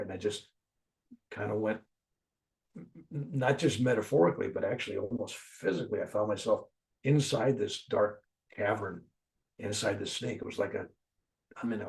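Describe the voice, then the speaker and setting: An older man telling a personal story in a conversation, animated, jumping loud for emphasis and dropping soft when he reflects. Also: lowish voice, gravelly, recorded from a distance. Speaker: interview guest.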